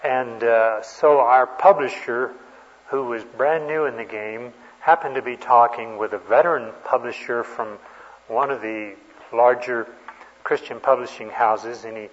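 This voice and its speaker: A man delivers a sermon in a hall whose long reverb trails after each phrase. His voice sits at an ordinary pitch, and the recording is slightly dull and muffled. He tells stories folksily, pausing often on fillers. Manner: folksy storytelling with many fillers. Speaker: preacher.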